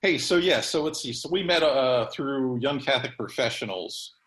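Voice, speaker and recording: A man's voice: medium pitch, normal speed, a bit bright, roomy sound, rough recording. A man hosting a podcast in casual chat, rambling with many fillers and restarts. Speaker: podcast host.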